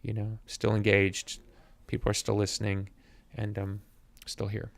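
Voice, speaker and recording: A man's voice: lowish voice, completely flat delivery, measured pace, gravelly, no echo. A man in his fifties, a musician guest talking thoughtfully on a podcast and often repeating words as he searches for them. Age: 50s. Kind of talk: reflective interview conversation. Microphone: podcast mic.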